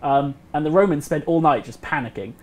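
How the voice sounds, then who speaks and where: A man telling a history story casually on a game developer livestream, animated and acting out the quotes. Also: on the high side, a little fast. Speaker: community host.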